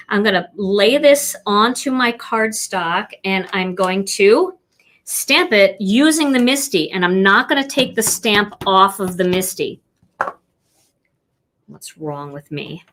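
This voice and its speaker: A woman's voice: mid-range voice, a bit bright. A woman teaching card stamping on a live stream, chatty and playful as she talks viewers through each step. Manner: chatty and playful, talking to viewers while working. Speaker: card-making instructor.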